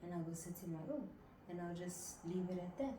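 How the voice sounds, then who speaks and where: A woman's voice: fairly low pitch, brisk. A young woman from South Africa, co-hosting a casual podcast chat with her mother, speaking candidly and reflectively. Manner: candid, reflective, matter-of-fact. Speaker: podcast co-host, daughter. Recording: echoey room with faint noise.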